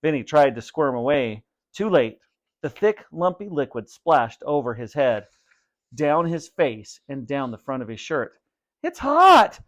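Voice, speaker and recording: A man in the role of a teacher, giving students instructions and then reading a spooky storybook aloud in a plain, steady way. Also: medium pitch, a little slow. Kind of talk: read-aloud storybook narration.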